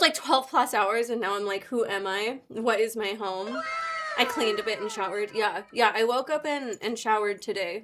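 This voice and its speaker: Bubbly high-voiced woman streamer. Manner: bubbly, excitable, shouts viewer names, swears casually. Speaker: livestreamer. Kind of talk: casual live-stream chat. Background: faint background music.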